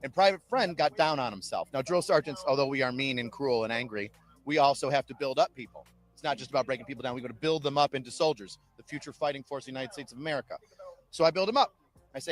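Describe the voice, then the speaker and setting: A man in his thirties, an army drill sergeant, telling lively stories in an interview with an upbeat recruiting pitch. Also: fast talker, soft background music. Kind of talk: interview storytelling.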